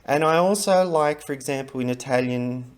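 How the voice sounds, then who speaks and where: A man's voice: mid-range voice, moderate pace. A middle-aged man talking casually to camera about learning languages, chatty and rambling, with many fillers and restarts.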